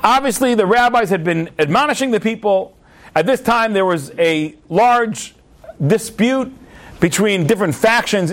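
High-voiced man telling a story. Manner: animated, repeats words for emphasis. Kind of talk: storytelling lesson.

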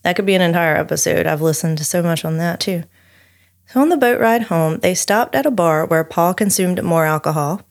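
A woman with a drawl narrates a researched true-crime case for her podcast. Her voice sits a little low, and she reads steadily but breaks off for friendly back-and-forth with her co-host. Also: brisk, vocal fry. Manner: steady storyteller reading researched notes, chatty asides.

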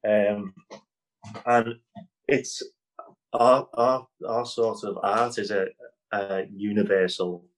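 A Scouse-accented improv comedy guest from Liverpool, England, chats in a casual video-call interview, rambling with many fillers and restarts and laughing easily. His voice is fairly low with fairly even intonation, he takes it slowly with long pauses, and the recording is rough.

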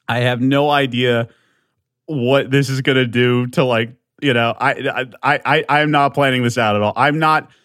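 A man's voice: mid-range voice, fairly even intonation, a little slow, a bit bright, no room sound, clean studio sound. Rambling, profane young man podcasting solo. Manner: rambling and profane, lots of filler and restarts; pleading, earnest. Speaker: podcast host.

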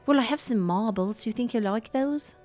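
A woman's voice: on the high side, brisk, a little mellow, soft background music. A woman playing a tabletop game, eager and playfully bossy, partly in character. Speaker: player.

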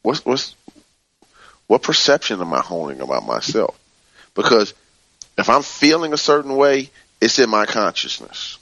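A man leading a spiritual book study, reading passages and explaining them slowly and calmly, often repeating soothing phrases. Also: medium pitch, no echo.

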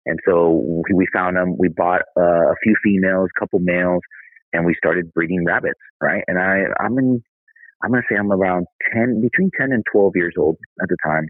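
Deep-voiced, husky man, a candid podcast guest telling a story, thin phone-line sound. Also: normal speed, no room sound. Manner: candid, conversational, says "dude". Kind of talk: casual storytelling.

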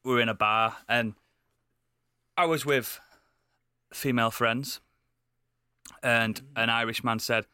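A man's voice: mid-range voice, fairly even intonation, takes it slowly, pauses often, sharp tone, smooth, dry recording. A man co-hosting a podcast, chatting casually and hesitantly with lots of ums. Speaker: podcast co-host. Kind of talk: casual chat.

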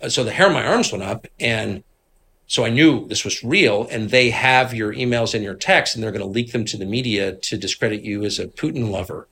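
A man's voice: on the low side, fairly quick, slight background noise. A middle-aged man from Washington, D.C., telling stories in a casual interview in an indignant, emphatic way. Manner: animated, indignant, emphatic storytelling. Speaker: interviewed guest, political commentator.

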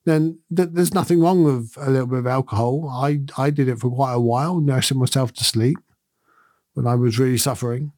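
A man's voice: medium pitch, fairly quick, darkish tone, no echo, studio quality. A middle-aged man, a podcast host, giving a thoughtful and earnest reflective monologue in a conversational way.

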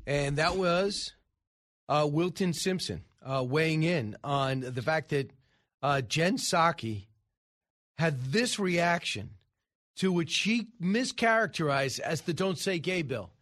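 A man's voice: a little high, animated, slow pace, a bit bright. A man hosting a talk radio show, giving emphatic, scoffing political commentary into a studio microphone. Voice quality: emphatic, scoffing, frequent uh fillers.

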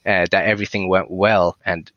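A man's voice: low-pitched, level tone, normal speed, fairly bright tone, dry recording, lo-fi sound. A Swedish man speaking English with a Swedish accent, telling a story as a musician guest in a rambling way, full of "you know" and small laughs. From southern Sweden. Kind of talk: casual storytelling.

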